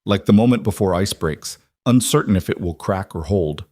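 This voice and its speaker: Male narrator, low voice, measured scripted storytelling, dry close sound. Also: lively intonation, dark tone, no room sound.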